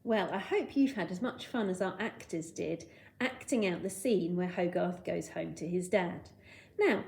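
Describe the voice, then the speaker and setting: A woman teaching a recorded school lesson with a lively, animated voice. She dictates sentences clearly, going word by word. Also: medium pitch.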